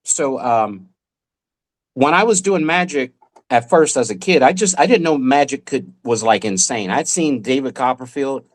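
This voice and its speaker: A man, a magician, telling a lively story in a podcast interview and acting out the people he quotes. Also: mid-range voice, moderate pace. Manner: animated storyteller who acts out the people he quotes. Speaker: magician guest.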